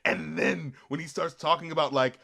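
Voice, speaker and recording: Fairly high-voiced guy hyped up breaking down a movie, swears a lot, acts out the lines. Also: moderate pace, creaky. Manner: excitable, profane, laughs often, acts out quotes from the film. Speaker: co-host of a film review show. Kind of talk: casual spoilery movie discussion.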